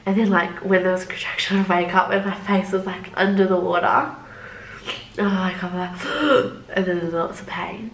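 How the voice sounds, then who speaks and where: A woman's voice: lowish voice, little pitch movement, a little fast, slight background noise. A young woman casually telling a personal story to camera in a loose, chatty way, full of "like" fillers. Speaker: vlogger. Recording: roomy echo.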